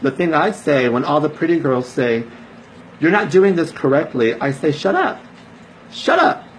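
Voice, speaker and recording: Man, fairly high voice, casual motivational chat, emphatic, preachy, repeats himself for stress. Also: lively intonation, moderate pace, slight background noise, low-quality recording. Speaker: network marketer giving a training talk.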